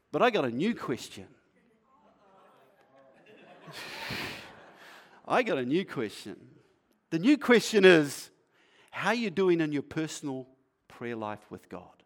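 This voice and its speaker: A male pastor preaching in a conversational, playful way, asking the congregation questions and sometimes dropping to a quiet, earnest tone. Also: big pitch swings, unhurried, pauses often. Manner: acts out a shopkeeper's sales pitch. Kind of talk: sermon.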